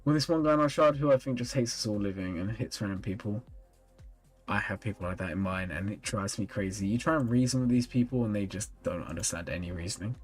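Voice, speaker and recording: A man's voice: on the low side, fast, soft background music. A tired, yawning man streaming live and chatting casually as he reviews viewers' game rosters and answers chat. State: sleepy, yawning.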